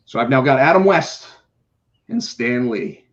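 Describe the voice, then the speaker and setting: A middle-aged man, a podcast co-host and comic book artist, telling a story in casual chat, animated, swearing and acting out what people said. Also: mid-range voice, unhurried. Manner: animated, swears, acts out quotes. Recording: slightly dull lo-fi sound.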